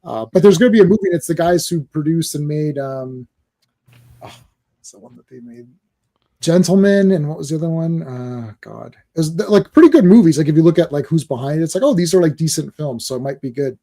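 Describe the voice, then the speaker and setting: A man co-hosting a casual film chat, laughing often and rambling through halting restarts. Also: fairly high pitch, animated, mellow. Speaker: podcast co-host. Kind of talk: casual chat about films.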